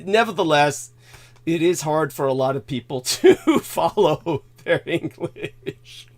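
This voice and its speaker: A man's voice: fairly high pitch, slow pace. A man hosting a live stream, rambling and profane, laughing often as he reads donations. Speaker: show host. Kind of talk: casual live-stream chat.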